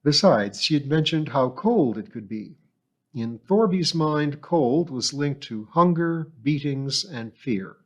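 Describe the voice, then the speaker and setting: A man narrating an audiobook in a steady, measured storytelling voice. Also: fairly high pitch, lo-fi sound. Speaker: audiobook reader.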